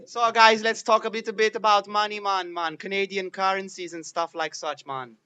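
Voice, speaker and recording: Man putting on a stoner beach DJ, bright and smooth. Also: high-pitched, flat delivery, normal speed. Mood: mellow. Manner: drawls and ends every phrase with 'man'. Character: laid-back stoner beach DJ, adult man. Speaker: college radio host. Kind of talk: comedic radio bit. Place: college radio studio.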